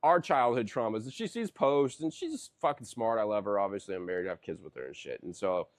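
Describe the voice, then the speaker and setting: A man's voice: on the low side, lively intonation, brisk, no echo, clean studio sound. A man in his thirties in casual podcast chat, a rambling storyteller who swears a lot and keeps saying "dude".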